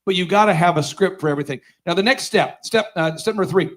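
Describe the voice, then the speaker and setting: A middle-aged man telling a comic story as a business conference speaker, loud and animated when he acts out scenes, laughing as he goes. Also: sits high, fast talker, rough recording. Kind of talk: comedic storytelling keynote. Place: conference stage before a live audience.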